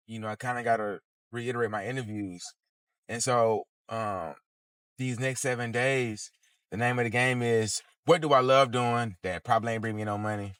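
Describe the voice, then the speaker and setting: A man's voice: mid-range voice, a bit bright, clear, resonant tone, no room sound. Reflective man coaching, dry close sound. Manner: reflective, thinks aloud with fillers and pauses. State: yawning, a bit sleepy. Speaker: business coach. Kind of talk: casual coaching session.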